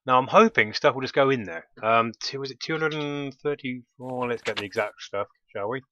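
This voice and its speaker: A man's voice: mid-range voice, normal speed, bright, forceful tone, dry recording, lo-fi sound. A man giving casual commentary while playing a game, often bursting into delighted exclamations. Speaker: let's play host.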